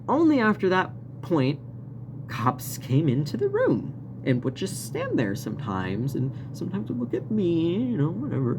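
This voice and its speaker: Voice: medium pitch, a little hiss or hum. A vlogger telling a story in a casual, rambling rant, swearing often and laughing now and then. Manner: profane, rambling, frequent laughs.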